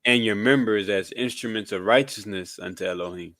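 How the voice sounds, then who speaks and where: Low-voiced man reading Bible verses. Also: a little fast, fairly bright tone, no echo. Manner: reads verses aloud on cue. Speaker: scripture reader in a Bible study.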